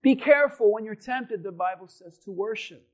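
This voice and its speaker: High-voiced preaching pastor. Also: male voice, moderate pace. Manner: preachy, rising to shouted emphasis. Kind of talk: sermon.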